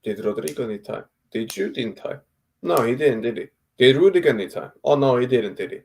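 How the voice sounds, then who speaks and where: A man's voice: mid-range voice, lively intonation, brisk, vocal fry, a little mellow, slightly rough. A man co-hosting a casual football debate over an online call, blunt and exasperated, firing off rhetorical questions and swearing. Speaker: football podcast co-host.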